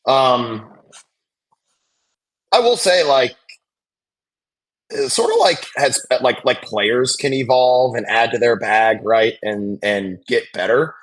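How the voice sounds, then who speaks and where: A man hosting a live basketball watch-along, chatting casually and calling plays with excitement. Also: medium pitch, slow, pauses often. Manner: chatty, excitable, reacts loudly to big plays.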